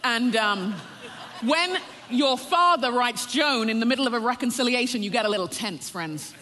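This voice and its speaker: A woman's voice: on the high side, expressive, normal speed, pushed and bright, a little hiss or hum. Woman preaching in an echoey hall. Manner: storytelling, often breaks into a laugh, calls the listeners "friends". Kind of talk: personal testimony sermon. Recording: long reverb of a large hall.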